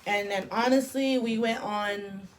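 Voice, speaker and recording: Young woman, beauty vlogger, casual storytime, slow delivery, mid pitch, chatty, lots of "like". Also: steady tone, a little hiss or hum. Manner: chatty, filler-heavy with frequent "like" and "literally". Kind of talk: casual storytime while doing makeup.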